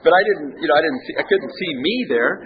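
A man's voice: on the high side, lively intonation, fast. A man telling his recovery story at a meeting in a rambling, self-mocking way, with false starts and chuckles. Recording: muffled, faint hiss.

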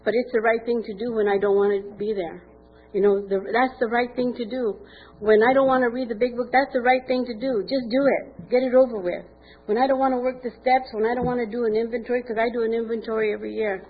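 A woman's voice: a little high, fast talker, husky. Woman sharing her story, tinny recording. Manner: candid storytelling with lively quoted dialogue. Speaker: speaker sharing at a recovery meeting. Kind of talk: personal testimony. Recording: tinny phone-like recording with faint noise.

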